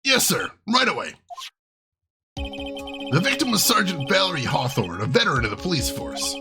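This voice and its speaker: A man voicing a bumbling, scruffy young male detective in a courtroom game, in an eager, folksy, slightly lowered voice. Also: sing-song, normal speed, over music. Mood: dutiful.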